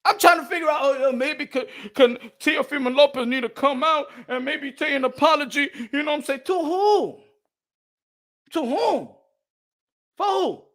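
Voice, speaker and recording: Fiery high-voiced man ranting on a livestream. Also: normal speed, fairly bright tone. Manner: fiery, switches between Spanish and English; repeats himself for emphasis. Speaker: boxing channel host. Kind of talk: livestream rant commentary.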